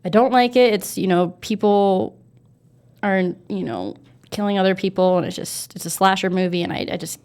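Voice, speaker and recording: A woman's voice: mid-range voice, moderate pace, darkish tone. A young adult woman co-hosting a casual chat, talking in a hesitant, easily spooked way with many fillers. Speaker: co-host.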